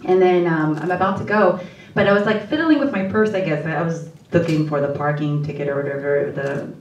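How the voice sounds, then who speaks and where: An actress on a post-screening panel tells an animated story, laughing and acting out the voices she quotes. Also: deep voice, a little fast, muffled recording, a little hiss or hum. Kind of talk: storytelling at a live Q&A. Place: screening room before an audience. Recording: roomy hall, distant mic.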